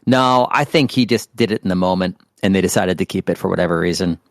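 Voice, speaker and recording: A man with a fairly low voice talks through a film in easy, agreeable podcast chatter. The sound is dry and close, with no room around him. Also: fast talker, no echo. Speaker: podcast co-host. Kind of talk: casual movie discussion.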